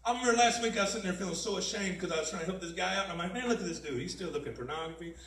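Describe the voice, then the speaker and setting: A man's voice: high voice, racing, fairly bright tone, slight background noise. A man giving a personal testimony at a mission, talking conversationally and repeatedly saying "man" and "you know what I mean.". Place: mission chapel, roomy hall. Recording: echoey room, voice from a distance.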